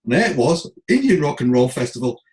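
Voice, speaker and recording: Animated storyteller in a roomy echo. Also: male voice, mid-range voice, fast. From England. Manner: animated, acts out voices, self-deprecating. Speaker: guest, comedy writer and speaker. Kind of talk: anecdotal storytelling.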